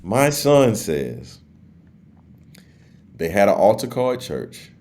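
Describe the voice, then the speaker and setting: Animated middle-aged man telling comic stories. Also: fairly low pitch, slow pace. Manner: animated, acts out family members in his stories. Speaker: guest comedian. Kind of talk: comic storytelling in a podcast chat.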